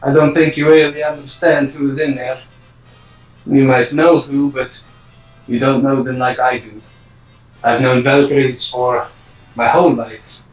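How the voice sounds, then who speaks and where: A dry, wry male adventurer delivers his lines in deadpan understatement, as a man puts him on. His voice sits at an ordinary pitch. It is recorded from a distance in an echoey room. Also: measured pace, pauses often, lo-fi sound, soft background music, natural voice.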